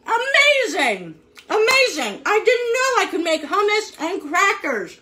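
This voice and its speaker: A woman with a very high-pitched, expressive voice hosts a live cooking demo streamed from her kitchen, speaking at a measured pace over a noisy background. Chatty and upbeat, she talks to viewers while cooking, and she eats and talks at once as she tastes.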